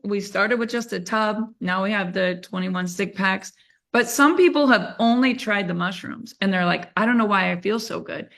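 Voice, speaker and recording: A woman's voice: medium pitch, a bit bright. A woman hosting a live stream, asking her guest questions enthusiastically. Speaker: host.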